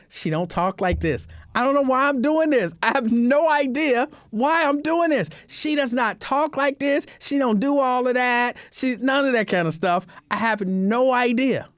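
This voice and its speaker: Guy with a high voice doing a jokey monologue, repeats himself a lot, dry close sound. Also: measured pace, few pauses, no room sound. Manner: joking, repetitive, animated asides with laughter. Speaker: show host. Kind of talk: comedic casual monologue.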